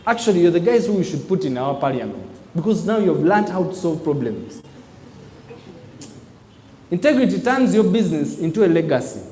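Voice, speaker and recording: A man's voice: on the high side, moderate pace, a little hiss or hum. A man giving a motivational business talk to a live audience, calling out prompts for the crowd to answer. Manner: call-and-response preaching, emphatic, animated. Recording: echoey hall with long reverb.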